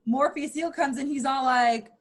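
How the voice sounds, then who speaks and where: A woman in her thirties doing a bawdy stand-up set, playful and crude, often jumping into high mock voices for punchlines. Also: normal speed. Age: 30s. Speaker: stand-up comedian.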